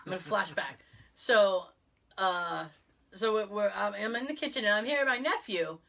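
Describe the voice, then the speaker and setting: A woman's voice: mid-range voice, moderate pace. A middle-aged woman co-hosting a podcast, telling stories in a casual chat, acting out the people she quotes, with a cough from a lingering illness. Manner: animated, acts out quoted voices. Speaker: podcast co-host.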